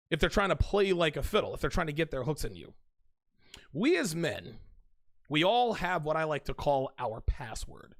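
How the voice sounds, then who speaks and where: Man, blunt casual monologue, slightly higher voice, gravelly fry, very dry close sound. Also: a bit bright, no echo. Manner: blunt and chatty, addresses viewers as guys and dude. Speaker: host of a dating-advice channel. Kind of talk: casual straight-to-camera monologue.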